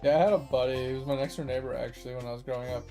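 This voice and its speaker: A man's voice: medium pitch, fairly even intonation, very fast, warm tone, soft background music. A man streaming games, telling a long rambling story from his childhood with lots of swearing and laughter. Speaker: gaming streamer. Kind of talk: casual storytelling on a game stream.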